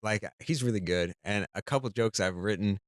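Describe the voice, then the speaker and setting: Hesitant low-voiced young man, dry sound. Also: normal speed, no room sound. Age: young adult. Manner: hesitant, searching for words. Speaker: podcast guest, stand-up comedian. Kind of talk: casual chat.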